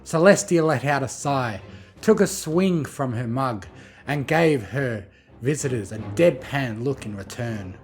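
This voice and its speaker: A man narrating a fan fiction audiobook in a measured, expressive storytelling manner. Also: medium pitch, soft background music.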